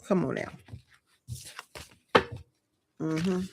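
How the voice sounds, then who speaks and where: A woman's voice: deep voice, very slow, vocal fry, background noise. A woman giving a live collective tarot reading, talking casually and directly to her viewers with slang and frequent chatty asides. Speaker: tarot reader.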